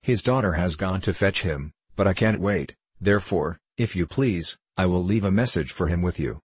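A man reading the part of a stern, formal middle-aged gentleman who speaks stiffly. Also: deep voice, moderate pace, slightly rough, no room sound.

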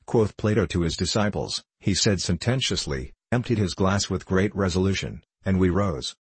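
A man reading a novel aloud as an audiobook narrator, in a measured and steady way. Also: deep voice, breathy edge, dry recording. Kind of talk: scripted storybook narration.

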